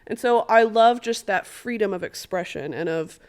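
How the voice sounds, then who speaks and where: A young woman in her twenties, a podcast guest chatting casually, bubbly and prone to loud bursts of laughter and free swearing. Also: medium pitch, moderate pace, clear, resonant tone. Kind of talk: casual interview chat.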